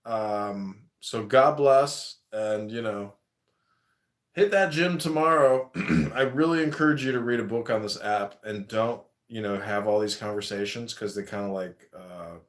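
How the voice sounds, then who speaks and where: A man's voice: fairly low pitch, a little slow. Crude, swearing man hosting a livestream. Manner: crude, mocking, swears often. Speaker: livestream host. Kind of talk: casual livestream chat, roasting.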